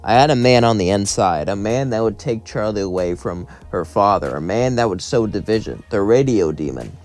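Man doing a low, bitter demon queen. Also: animated, moderate pace, a little mellow, soft background music, natural voice. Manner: low, sighing, subdued. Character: weary female demon queen, bitter and cold.

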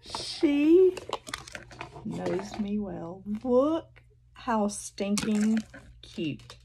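A woman's voice: medium pitch, takes it slowly, creaky, darkish tone, a little hiss or hum. A woman with a Southern US accent from North Carolina, chatting casually and gushing as she unboxes gifts at home for her vlog. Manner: gushing, exclamatory, addresses viewers as y'all. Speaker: haul vlogger. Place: indoors at home, seated in a chair. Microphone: phone.

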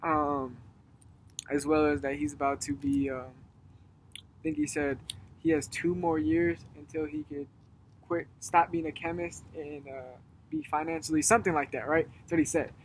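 Young guy rambling thru a story outside, voice a bit high, faint noise behind. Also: moderate pace. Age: young adult. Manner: rambling storyteller, animated when retelling. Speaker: guest. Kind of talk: casual chat. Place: outdoors at dusk.

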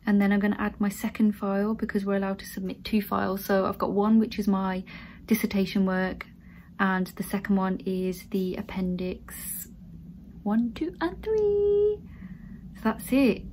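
A woman's voice: mid-range voice, flat delivery, moderate pace, darkish tone, slight background noise, low-quality recording. A woman in her thirties, a student nurse, chatting casually to her viewers and talking them through things step by step. She sounds earnest and encouraging. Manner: chatty, addresses viewers as guys. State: tearful, emotional. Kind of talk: casual vlog.

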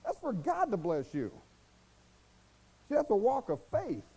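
Male pastor, American accent, mellow lively-pitched preaching voice, folksy and exhorting. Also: a little slow, gravelly, slightly rough, rough recording. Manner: folksy, exhorting, rhetorical questions and mimicked voices. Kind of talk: sermon.

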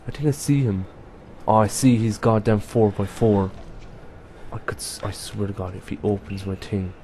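A young gaming YouTuber plays a horror game and comments for viewers, jumpy and swearing often. His voice is on the low side and warm, with slight background noise.

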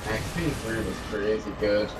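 A man's voice: on the low side, normal speed. A man co-commenting on a video game in a laid-back, teasing way, with game music behind him. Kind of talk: casual let's-play commentary. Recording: echoey room.

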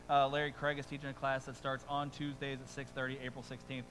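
A man preaching a sermon as pastor, conversational and animated, with quick asides and rising emphasis, speaking to a congregation in a church. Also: mid-range voice, slight background noise, low-quality recording. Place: church sanctuary before a congregation.

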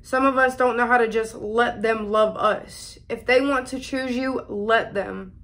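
A young woman speaking in an emotional personal vlog, close to tears, pausing often and calling her viewers y'all. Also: on the high side, steady tone, fairly bright tone. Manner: tearful, holding back crying, pausing often. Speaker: vlogger.

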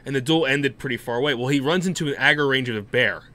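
A man co-hosting a podcast, telling gaming stories in an animated way with laughs, acting out quotes. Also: medium pitch, quick pace. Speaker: podcast co-host. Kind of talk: casual storytelling chat.

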